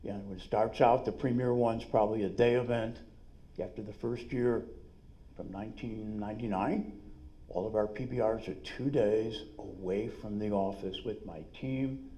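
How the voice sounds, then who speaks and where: A middle-aged man with a New York twang pitches business ideas to a conference crowd with punchy, salesy energy and quick asides. His voice sits fairly low and has a mellow, dark tone. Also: fairly even intonation. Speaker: dentist and business speaker. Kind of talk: live seminar talk. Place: conference room.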